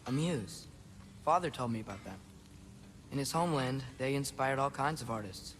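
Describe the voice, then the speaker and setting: A man's voice: mid-range voice, lively intonation, moderate pace, fairly bright tone, a little hiss or hum, lightly acted. An actor playing an earnest, curious teenage boy in a video game cutscene. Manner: earnest, eager.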